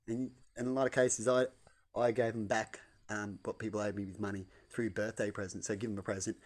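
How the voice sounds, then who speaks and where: A man's voice: lowish voice, level tone, brisk. Man, casual home vlog monologue, wandering and repetitive. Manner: loose, repetitive, tags lines with "right?". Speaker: vlogger. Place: at home indoors.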